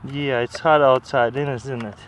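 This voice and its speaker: A man shoots a casual how-to vlog, eagerly demonstrating life hacks in loose, non-native English while chatting to his dog. His mid-range voice is unhurried with fairly even intonation, and the low-quality recording carries a slight hiss or hum.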